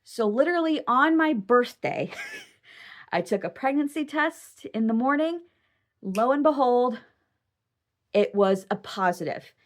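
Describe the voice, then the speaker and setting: A young adult woman vlogger telling a personal story in a chatty, excitable, rambling way. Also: fairly high pitch, a little slow, pauses often. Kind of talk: casual personal storytelling to camera.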